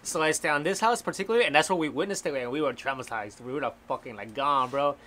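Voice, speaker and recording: Rapid-fire storyteller. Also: male voice, a little high, sharp tone. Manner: slangy, swears, switches into Spanish mid-sentence. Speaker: storyteller among friends. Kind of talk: casual chat, telling a ghost story.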